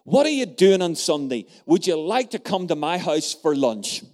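A man's voice: a little high, big pitch swings, normal speed, a little mellow. A man voicing a chatty, insistent, kind-hearted woman who talks nonstop. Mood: bossy cheerful.

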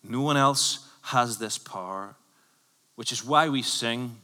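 A man preaching a sermon as a pastor, conversational and emphatic, swinging from loud bursts to hushed lines. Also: medium pitch, takes it slowly, big-room sound. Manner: emphatic, conversational preaching with sudden bursts and drops to near whisper. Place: church.

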